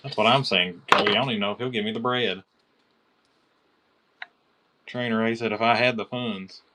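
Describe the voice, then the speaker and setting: A man's voice: fairly low pitch, moderate pace, slight background noise. Chatty Kentucky man auctioning knives live. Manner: chatty, excited, calls out bidders by name. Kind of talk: live-stream auction selling.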